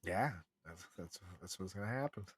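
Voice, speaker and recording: A man's voice: deep voice, expressive, moderate pace. A man co-hosting a podcast, chatting casually and crudely, laughing often and rambling with fillers. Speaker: podcast co-host. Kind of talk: casual comedic chat.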